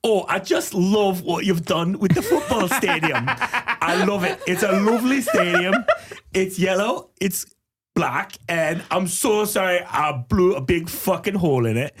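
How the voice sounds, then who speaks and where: Man doing a high, fawning masked supervillain bit, jokey, bursts into a sung shout, comedy podcast gag. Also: expressive, a little slow, very noisy. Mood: gushing. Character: gushing masked male supervillain, grown man.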